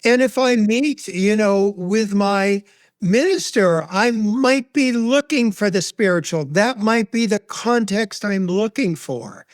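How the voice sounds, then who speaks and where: A man talks about loss in a measured, heartfelt tone. He speaks slowly, letting each thought land. His voice is dry and close, with no room sound. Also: high-pitched, animated, dry recording. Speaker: grief expert guest. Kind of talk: reflective personal storytelling.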